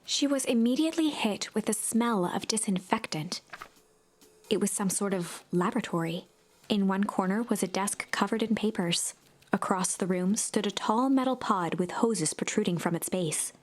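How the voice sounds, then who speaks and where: A woman narrating a story-driven game in a measured, gentle storytelling voice. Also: medium pitch, close to an everyday voice.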